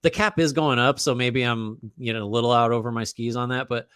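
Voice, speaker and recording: A man's voice: medium pitch, fairly even intonation, a little fast, a bit bright, clear, resonant tone, no echo, studio quality. A man co-hosting a casual basketball podcast, thinking aloud with frequent restarts and fillers. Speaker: podcast co-host. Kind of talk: casual basketball analysis chat.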